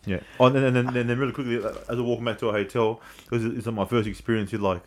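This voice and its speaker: An Australian man in his thirties, a rugby league player, telling stories in a casual chat, animated and swearing freely. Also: medium pitch, very fast, slight background noise. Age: 30s.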